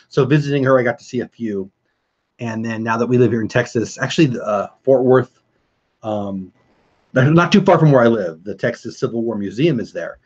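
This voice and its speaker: A middle-aged man with a husky, slightly breathy voice hosts a relaxed late-night livestream from home. He rambles from one story to the next and greets viewers in chat by name. The audio is a bit dull and lo-fi. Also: mid-range voice. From California. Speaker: livestream host. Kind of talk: casual livestream chat reading viewer comments.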